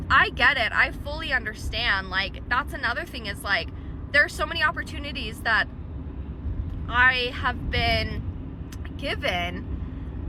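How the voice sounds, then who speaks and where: A woman who is a working parent, ranting in a frustrated, swearing, filler-heavy way while recording on her phone in her car. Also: fairly high pitch. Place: car in traffic. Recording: traffic noise behind.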